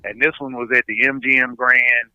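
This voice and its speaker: A man, a stand-up comedian guest, telling stories in a casual chat, animated, repeating his words as he goes. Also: medium pitch, a little fast, clear, resonant tone, no room sound. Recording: dull, lo-fi dry sound.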